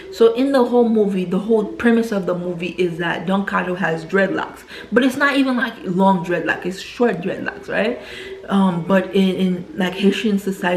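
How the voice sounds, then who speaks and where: In a fairly low voice, a chatty woman film reviewer walks through a movie's plot, frequently checking in with her listener with "right?". The echoey room carries slight background noise.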